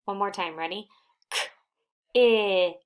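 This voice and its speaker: A woman reading teacher giving a recorded phonics lesson to young children, sounding out words slowly and patiently. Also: lowish voice, fairly bright tone.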